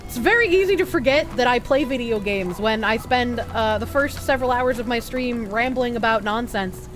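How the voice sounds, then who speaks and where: A woman's voice: fairly high pitch, normal speed, music in the background. A woman streamer giving casual, playful commentary while gaming and chatting with her viewers. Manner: playful, chatty, reacts to chat.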